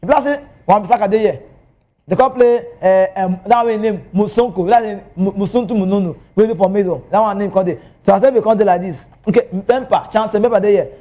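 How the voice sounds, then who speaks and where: A man with a Nigerian accent talking football as a TV pundit, animated and excitable. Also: a little fast. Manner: animated, excitable, swings pitch. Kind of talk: TV football commentary in Pidgin. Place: TV studio.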